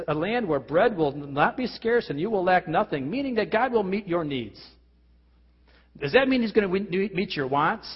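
A man's voice: high voice, husky. A man preaching a sermon as pastor, earnest, with rhetorical questions and frequent restarts. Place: church hall. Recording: lo-fi recording with long hall reverb.

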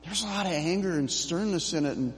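A middle-aged man preaching a sermon as pastor, slow and emphatic with dramatic pauses. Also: fairly high pitch, animated, big-room sound, slight background noise.

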